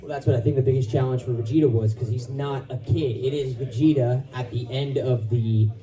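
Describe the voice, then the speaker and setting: A voice actor on a convention panel who talks casually and rambles a bit. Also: male voice, mid-range voice, steady tone, fairly quick, dark tone. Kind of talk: panel talk. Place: convention hall. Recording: from far off in a hall.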